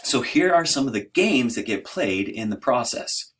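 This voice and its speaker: A man's voice: medium pitch, lively intonation, moderate pace, a bit bright, slightly rough. A man giving an informal, conversational lecture in a hesitant, self-deprecating way.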